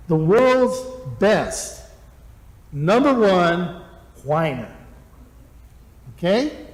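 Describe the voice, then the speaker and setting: A high-pitched male pastor preaching with lively, animated delivery. His voice rings out in a roomy hall with a long echo behind it. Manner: animated, acts out grumbling voices. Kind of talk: sermon.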